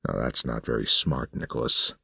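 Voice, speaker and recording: A man voicing a smug, calm older villain who talks down to his victim. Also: rumbling low, vocal fry, husky, dry recording, clean studio sound, voice pushed down, exaggerated voice. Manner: smug, unhurried, condescending.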